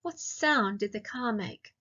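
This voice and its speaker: A woman teacher with an Australian accent, giving a recorded grammar lesson to young children and asking slow, clear, sing-song questions. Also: medium pitch, pushed and bright, dull audio. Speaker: primary school teacher.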